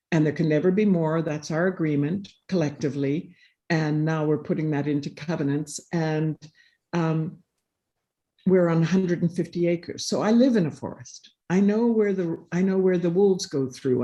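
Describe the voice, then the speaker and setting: A woman's voice: deep voice, mellow, muffled recording. A woman speaking on a panel, telling a personal story in an earnest, reflective way. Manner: earnest, reflective, acts out quoted dialogue. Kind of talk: personal storytelling in a live session.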